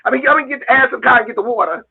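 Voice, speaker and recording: A man calling into a casual chat, excited and incredulous. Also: extremely high pitch, rapid-fire, creaky, husky. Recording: tinny phone line.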